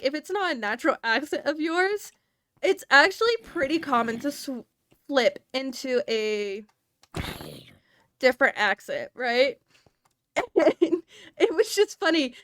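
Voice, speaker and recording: A woman's voice: high-pitched, lively intonation, unhurried, a bit bright. A woman from the American South with a Southern accent, rambling casually to her stream chat and laughing often.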